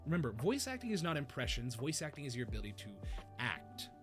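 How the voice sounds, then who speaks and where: A man hosting a casual chat about voice acting, animated, dropping into character voices and laughing often. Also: medium pitch, fast talker, loud music behind the voice. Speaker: podcast host.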